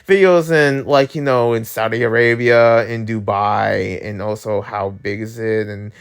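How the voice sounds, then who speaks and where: A man's voice: lowish voice, unhurried, creaky, smooth. A man hosting his own channel, talking through the news in a candid, rambling way, blunt with his opinions and often restarting his sentences. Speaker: YouTube channel host. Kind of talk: casual news commentary.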